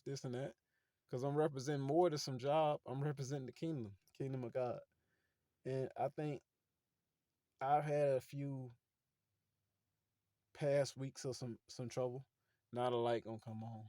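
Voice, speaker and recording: A man's voice: mid-range voice, warm tone, no echo, studio quality. A man, giving casual motivational talk to viewers from inside his parked car at night, preachy and conversational. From Fort Pierce, Florida. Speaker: motivational vlogger.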